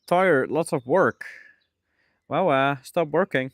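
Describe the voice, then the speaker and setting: A man's voice: fairly high pitch, takes it slowly, no room sound, studio quality. A man live-streaming, muttering to himself as he fishes and chatting casually with his viewers. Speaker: livestreamer.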